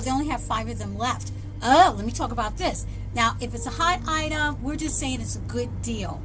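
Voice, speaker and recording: A woman presenting shopping deals in a chatty, excitable vlog, her voice jumping up when she hypes a sale. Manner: chatty and excitable, jumps in pitch to hype sales. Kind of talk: enthusiastic product showcase vlog. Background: background music.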